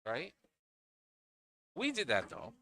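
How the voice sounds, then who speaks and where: A man's voice: mid-range voice, wildly swooping pitch, slow pace, vocal fry, pushed and bright. A man with a Northeastern Pennsylvania accent giving chatty live commentary on a pool match, often laughing and restarting his phrases.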